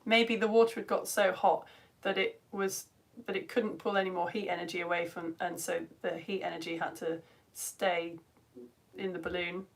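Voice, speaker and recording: A woman, hosting a live science stream and chatting excitedly with viewers, her voice a little tired. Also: lowish voice, moderate pace, creaky. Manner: animated, reads comments aloud, jumps between loud greetings and quiet asides. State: tired voice at end of term. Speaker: science show presenter.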